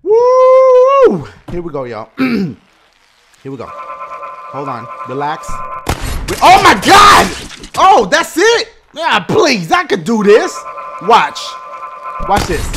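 Hyper shouting young gamer man. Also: high-pitched. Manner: hyper, swears a lot, shouts and laughs often. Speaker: gaming YouTuber. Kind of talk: loud gameplay commentary.

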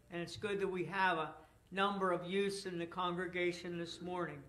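A man pastor reading scripture and preaching a sermon in a church sanctuary, in a slow, measured way with pauses. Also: high voice, flat delivery, fairly bright tone.

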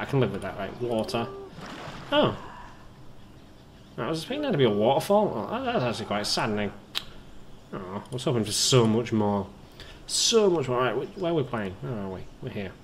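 Guy rambling over a game he's playing, voice jumps all over the place, gets excitable. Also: medium pitch, slight background noise. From Britain. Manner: excitable, rambling, talks to the viewers. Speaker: let's play host. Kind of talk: casual gameplay commentary.

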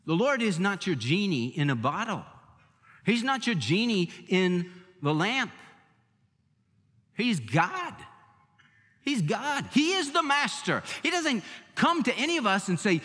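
Emphatic preacher with a lively high voice. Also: male voice, unhurried, long reverb tail. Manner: emphatic preaching with repeated phrases. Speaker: pastor. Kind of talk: sermon.

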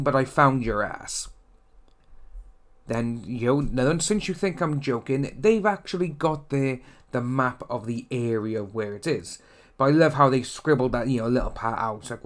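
A man hosting a casual commentary vlog, talking in a rambling, chatty way full of fillers. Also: mid-range voice. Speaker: channel host.

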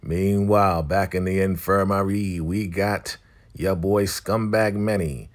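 A man giving a casual, animated recap of a TV episode, laughing often as he tells it. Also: sits low, a little slow. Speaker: recap vlogger.

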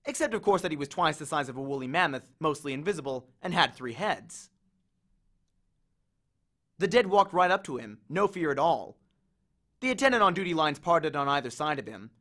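A man reading a novel chapter aloud with an expressive, animated delivery. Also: fairly high pitch, normal speed. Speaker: audiobook reader. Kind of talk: storybook reading.

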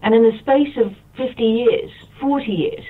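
A man close to tears pours out a rambling, impassioned monologue, circling back over the same phrases. His voice is husky and comes through a tinny phone line, heard from some way off the mic. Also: very high-pitched, moderate pace, distant mic. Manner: rambling, impassioned, repeats himself. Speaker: radio show guest.

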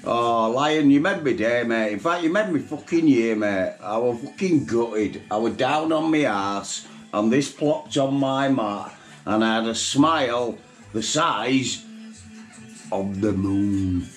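A man with a Yorkshire accent, blunt and sweary, chatting excitedly to his viewers in a casual vlog. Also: mid-range voice, slow pace. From Bradford, England. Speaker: vlogger. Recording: echoey room with faint music.

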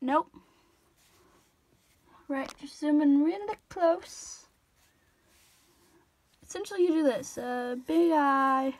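Slow and often pausing, a high-voiced woman chats while she draws in a tutorial vlog, drifting off-topic, apologizing, and cutting herself short.

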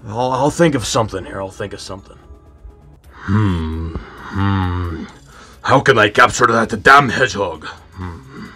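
Man playing a scheming villain king, husky, grumbling, swearing, plush toy skit. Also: lowish voice, expressive, measured pace, pushed and bright, soft background music, pitched below the performer's own voice, full character voice. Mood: frustrated. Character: bossy male turtle-dragon king villain, scheming.

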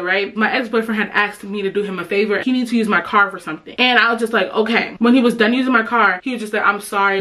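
A woman's voice: medium pitch, pushed and bright. A young woman telling a casual storytime, blunt and profane, acting out the dialogue she retells. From United States. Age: young adult. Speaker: vlogger. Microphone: camera mic.

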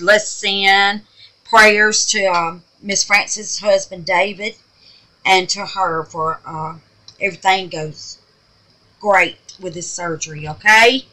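Woman, craft vlogger, bright tone, homey chatty delivery, sweet-talks the viewers. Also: mid-range voice, rough recording. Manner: chatty, calls viewers babies and honey. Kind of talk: casual crafting tutorial. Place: home craft room.

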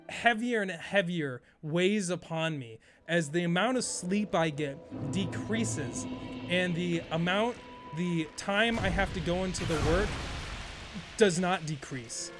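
A young man streaming a game and chatting loosely with viewers, his voice sitting a little higher than most men's. He rambles from one thought to the next, mocks himself and swears freely. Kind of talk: casual live-stream chat.

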